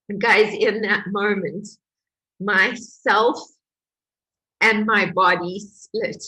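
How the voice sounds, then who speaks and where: A woman's voice: mid-range voice, fairly even intonation, drawn-out words, pauses often, pushed and bright, slightly rough, poor audio. A woman, a healing course coach giving a candid motivational talk, telling her story with emotion and confessional openness.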